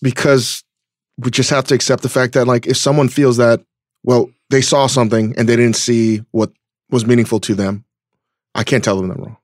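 A man's voice: medium pitch, little pitch movement, moderate pace, dry recording, clean studio sound. A man hosting a podcast interview, talking in a loose, conversational way and thinking aloud with restarts. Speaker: podcast host. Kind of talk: casual interview chat.

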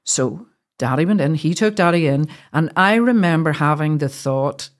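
A woman with a Northern Irish accent appears as a guest, earnestly recounting a personal story from the heart and often restarting sentences. Her voice is low and expressive, at a normal speed.

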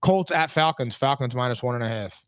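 A man's voice: mid-range voice, a little fast, a bit bright, smooth, no room sound. A man co-hosting a casual sports podcast, chatty and rambling as he talks through football games and bets. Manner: chatty, rambling, easily laughing. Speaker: podcast co-host.

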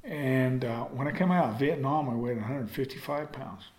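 A man's voice: mid-range voice, normal speed, a little mellow, roomy sound. An older man telling a rambling, folksy story to an audience in a casual way, acting it out as he goes. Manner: folksy, rambling, acts out with gestures.

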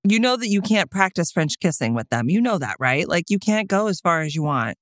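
A woman's voice: fairly low pitch, big pitch swings, a little fast, dry recording, clean studio sound. A woman in her thirties co-hosting a podcast in casual chat, playful and teasing, laughing often. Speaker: podcast co-host.

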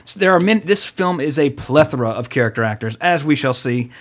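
A man's voice: fairly high pitch, expressive, a little fast. A man hosting a movie podcast, chatting casually and joking, with a lot of fillers and asides. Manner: loose, joking, rambling with frequent fillers. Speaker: podcast host.

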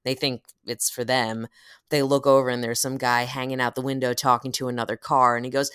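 A woman in casual conversation, telling stories with lots of laughter and loud acted-out quotes. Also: very deep voice, a little fast, smooth, dry recording, studio quality. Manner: animated storyteller, laughs often, acts out quotes loudly. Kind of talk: casual chat.

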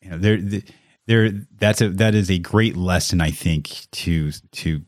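Man, podcast host, emotional, conversational, low voice, dry close sound. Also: unhurried, no room sound. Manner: openly emotional, warm and conversational. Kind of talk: casual interview chat.

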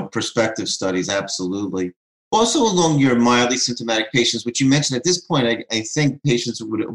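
A man hosting a podcast interview, asking long, rambling questions full of fillers. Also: mid-range voice. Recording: roomy echo.

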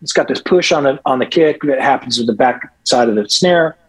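A man's voice: medium pitch, brisk, slightly rough, low-quality recording. A middle-aged man, a guest rock musician, telling rambling, profane stories in casual podcast chat with many restarts.

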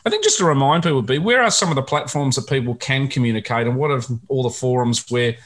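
A man's voice: medium pitch, quick pace, a bit bright. A middle-aged Australian man co-hosting a podcast in casual chat, rambling with many fillers and restarts. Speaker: podcast co-host.

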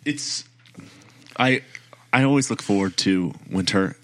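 A man's voice: on the low side, measured pace, a bit bright, dry recording. A man co-hosting a podcast, rambling easily through a casual ad read and chat. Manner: rambling, easygoing. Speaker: podcast co-host.

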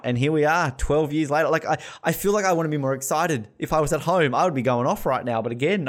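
An Australian man hosting a casual chat, excitable and swearing, bursting into shouts and laughter. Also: a little high. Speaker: podcast host. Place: hotel room.

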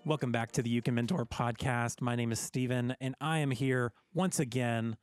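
A man's voice: medium pitch, steady tone, normal speed, soft background music. A man hosting a podcast in casual chat, joking and often repeating words as he starts sentences. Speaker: podcast host.

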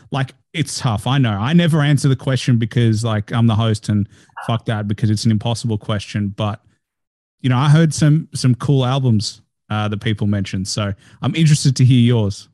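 A man hosting an interview podcast who speaks in a relaxed, frank way and swears now and then. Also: mid-range voice, normal speed, dry recording, clean studio sound. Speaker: podcast host. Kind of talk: casual interview talk.

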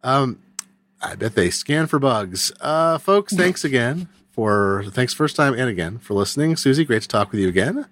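A man's voice: medium pitch, lively intonation, normal speed, a bit bright. A man hosting a casual tech podcast, talking in a wry, joking way full of rambling asides. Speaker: podcast host.

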